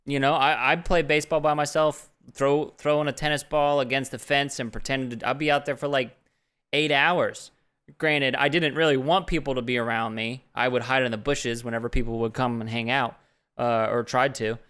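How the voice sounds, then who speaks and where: A male podcast co-host speaks with a bright, clear tone, earnest and rambling as he works through his thoughts in a relaxed chat. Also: mid-range voice, normal speed. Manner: earnest, rambling, self-interrupting. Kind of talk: casual chat.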